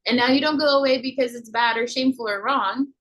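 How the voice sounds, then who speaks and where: A woman in her thirties gently teaching emotional self-care, checking in with listeners as she explains. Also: fairly high pitch, fast talker, rough recording. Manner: gentle, coaching, many "okay?" check-ins. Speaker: inner healing coach. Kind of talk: teaching talk to camera.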